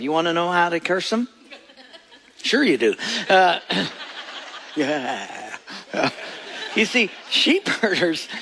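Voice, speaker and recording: Telling stories during his sermon, a middle-aged pastor voices each character he quotes. He speaks with a somewhat bright tone that sits high.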